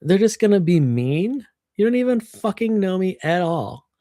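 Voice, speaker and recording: A woman's voice: medium pitch, very animated, normal speed, dark tone, no echo, studio quality. A woman chatting casually on a livestream, venting and swearing freely into her computer microphone.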